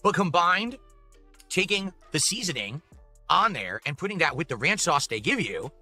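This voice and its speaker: A man talks through a fast-food meal in a measured, matter-of-fact review. His voice is very bright and a little high, and his pace is steady. Faint music plays behind him.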